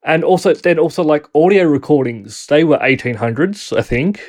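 Easygoing man with a higher voice. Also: lively intonation, moderate pace. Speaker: podcast co-host. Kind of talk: casual chat.

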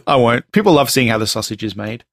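A man's voice: mid-range voice, dry recording, clean studio sound. A man hosting a casual podcast movie quiz, joking and laughing often. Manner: joking, laughs often, reads taglines in a slow dramatic voice. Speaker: podcast host running a movie tagline quiz.

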